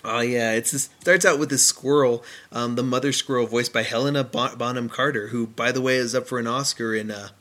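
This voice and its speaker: A man's voice: medium pitch, fairly even intonation, a little fast, hardly any pauses, a bit bright. A man reviewing short films in casual chat, rambling through plot retellings with plenty of fillers. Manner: chatty, rambling retellings with acted-out quotes. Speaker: film reviewer.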